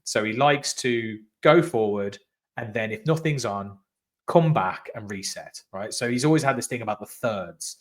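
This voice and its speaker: Guy hosting a football podcast, talks in long excited run-on bursts over a video call. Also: fairly low pitch, normal speed. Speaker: podcast host. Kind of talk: casual football chat.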